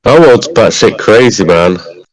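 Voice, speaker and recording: A man playing a tabletop game, joking in a casual, animated way. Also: on the low side, unhurried, poor audio. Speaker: player.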